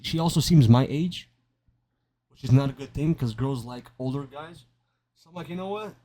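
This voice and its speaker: A man's voice: mid-range voice, normal speed, warm tone. Rambling young man telling a story. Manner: rambling, stammering, self-mocking. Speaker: gaming commentator. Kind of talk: casual storytelling over gameplay.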